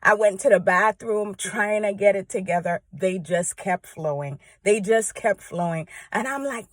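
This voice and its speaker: Woman, earnest devotional speaker, conversational and heartfelt; average pitch, dry close recording. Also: a little slow, hardly any pauses, no room sound. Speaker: church praise team member sharing encouragement. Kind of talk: personal devotional talk to camera.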